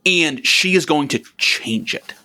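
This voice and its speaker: A man's voice: a little high, animated, a little slow, pushed and bright. A man co-hosting a comedy history podcast, telling the story in a loose, profane, joking way. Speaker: podcast co-host. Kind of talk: casual comedic history chat.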